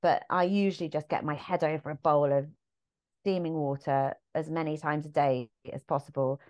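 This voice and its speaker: Lively English actress telling stories. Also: female voice, low voice, normal speed. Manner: lively storyteller, acts out quoted lines. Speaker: musical theatre actress, guest. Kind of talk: casual anecdotal chat.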